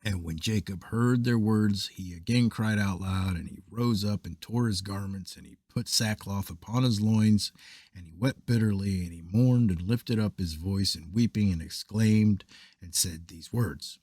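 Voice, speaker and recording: A man reads old scripture aloud in a measured, solemn way. His voice sits low and carries a husky edge. The sound is dry and close, with no room around it. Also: darkish tone, no room sound. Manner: measured, solemn reading of archaic text. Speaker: scripture reader.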